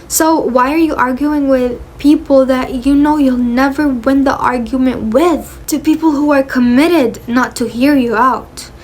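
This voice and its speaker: A woman's voice: sits high, fairly even intonation, measured pace, few pauses, a little mellow, slight background noise. Earnest young woman giving advice. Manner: earnest, repeats phrases for emphasis, calls listener honey. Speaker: motivational creator. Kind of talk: direct-to-camera advice talk.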